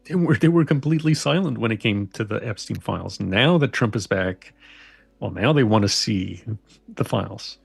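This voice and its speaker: A man's voice: lowish voice, expressive, normal speed, creaky, husky, no room sound, soft background music. A man joining a casual political chat as co-host, speaking in a dismissive, matter-of-fact way.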